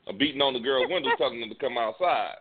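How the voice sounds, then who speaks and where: A man's voice: mid-range voice, fast, slight background noise. A man in his fifties chatting casually with old friends on a radio show and recalling a night out in a laid-back way. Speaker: co-host friend. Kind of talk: casual reminiscing chat. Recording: phone-quality line.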